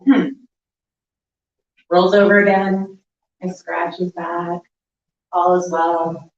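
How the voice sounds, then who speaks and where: A middle-aged woman telling a funny personal story at a live story slam, animated and laughing as she goes. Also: lowish voice, slow. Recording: echoey, distant, dull live room recording.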